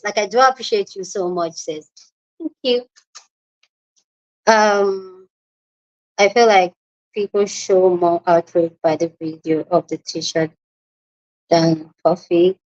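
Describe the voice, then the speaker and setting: Chatty Nigerian woman on a lo-fi livestream. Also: medium pitch. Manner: chatty, greets viewers by name. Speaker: livestream host. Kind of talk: casual live chat reading comments. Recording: lo-fi livestream audio.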